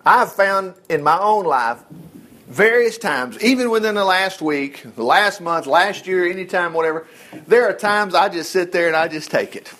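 A man's voice: high-pitched, moderate pace, fairly bright tone. A man giving a casual Bible study, folksy and digressive, who slips into little acted asides.

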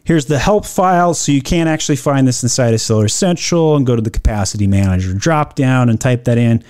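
A man giving blunt, opinionated business commentary, reading out policy lines slowly and then riffing on them with sarcasm. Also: mid-range voice, animated, a little mellow, clean tone. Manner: reads quoted policy text slowly, then riffs.

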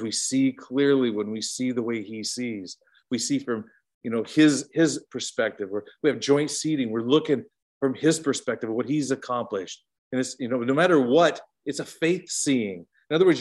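A middle-aged man teaching an informal Bible study, swinging between emphatic high bursts and soft low asides.

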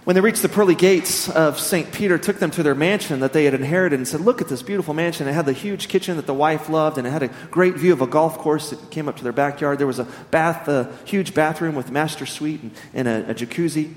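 A man preaching a sermon, telling stories in an animated, humorous way. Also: a little high, fairly quick, few pauses. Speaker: pastor. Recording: echoey hall reverb.

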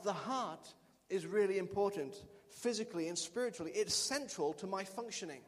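A man's voice: high-pitched, expressive, normal speed. A man preaching a sermon as pastor, emphatic and repeating key lines for the congregation to say with him. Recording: long reverb of a large hall.

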